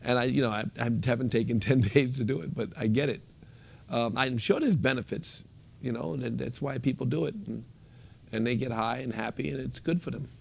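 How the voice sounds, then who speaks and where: A man guiding a group through a meditation, speaking in a relaxed, instructive way and repeating his phrases. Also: medium pitch, fairly quick, gravelly. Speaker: meditation teacher. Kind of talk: guided meditation with a live group.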